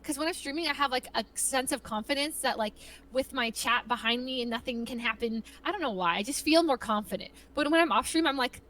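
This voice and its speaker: Young woman just chatting, kinda high voice, trails off and restarts a lot. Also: lively intonation, a little fast, bright, forceful tone, poor audio. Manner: rambling, self-interrupting, acts out voices in quotes. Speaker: guest streamer. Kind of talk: casual chat.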